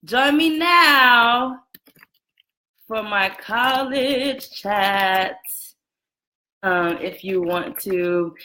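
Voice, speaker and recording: A woman in her twenties hosting a casual live video chat from a room at home, chatty and lively, greeting viewers by name and laughing often. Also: a little high, extremely slow, pauses often. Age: 20s. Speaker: livestream host. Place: room at home with a roommate next door. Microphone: camera and phone set up for a live stream.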